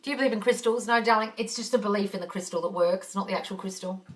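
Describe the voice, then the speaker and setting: A woman's voice: mid-range voice, fast talker. A woman manifesting coach answering viewer questions live on her phone. She swears freely and calls her viewers darling. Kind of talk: live Q&A chat. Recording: slightly distant from mic.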